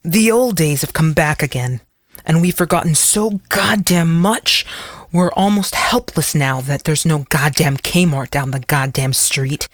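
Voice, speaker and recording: A woman's voice: sits low, a little slow, dry recording, clean studio sound. A woman voicing an earnest, sweating male preacher who pleads for a return to the old ways. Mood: earnest pleading.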